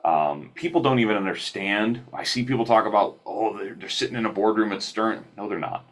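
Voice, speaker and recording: Man, deep voice, husky, podcast guest, casual storyteller, self-deprecating, restarts sentences. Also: fairly quick. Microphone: remote call.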